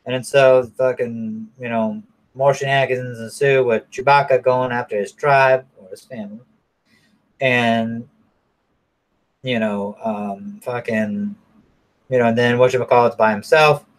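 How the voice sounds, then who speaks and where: A man's voice: mid-range voice, steady tone, measured pace. A man casually recapping a movie in a rambling, profane way, full of fillers and restarts. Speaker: movie reviewer.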